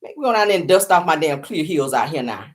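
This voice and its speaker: A middle-aged woman hosting her own livestream show, talking loudly and playfully in slang, laughing often and repeating herself for effect. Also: sits low, expressive, quick pace. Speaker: show host. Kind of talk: animated solo livestream commentary.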